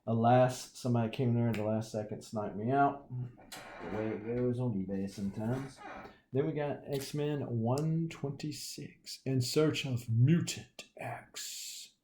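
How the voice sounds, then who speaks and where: A man's voice: medium pitch, unhurried, dark tone, slight background noise. A man with a Southern US accent, casually showing his comic collection with folksy, joking asides. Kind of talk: casual show-and-tell.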